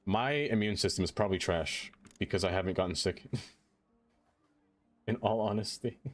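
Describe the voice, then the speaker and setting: A man streaming a game, chatting casually, talking to what he builds and answering chat, quick to exclaim in dismay when things go wrong. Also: fairly low pitch, soft background music. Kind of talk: casual live-stream chatter while playing.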